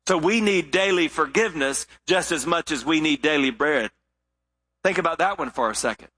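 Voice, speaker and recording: A male pastor preaching with a high, bright, ringing voice. He tells the story with lively expression and now and then sinks into hushed, weighty emphasis. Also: normal speed, slightly rough. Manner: expressive storytelling delivery with sudden drops to quiet emphasis. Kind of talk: sermon.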